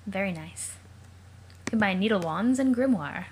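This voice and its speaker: A woman's voice: mid-range voice, expressive, normal speed, long pauses, fairly bright tone, slight background noise. Chatty woman reading aloud with jokes. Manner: chatty, joking asides, wondering aloud. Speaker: let's play host. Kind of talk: casual read-aloud with commentary.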